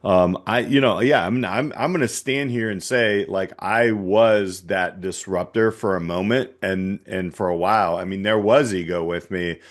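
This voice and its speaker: A man's voice: deep voice, moderate pace, few pauses. A man hosting an interview, reflective and candid, with hesitant restarts. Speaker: podcast host. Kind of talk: conversational interview.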